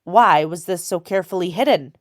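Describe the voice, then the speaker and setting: A woman's voice: lowish voice, a little fast, dry recording, clean studio sound, close to an everyday voice. A woman voicing a stern, scornful male soldier who barks questions.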